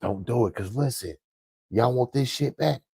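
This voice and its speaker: A man's voice: mid-range voice, moderate pace, creaky, mellow, slightly rough, dry recording. A man delivering blunt, profane fan commentary, ranting emphatically. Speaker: sports commentator vlogger.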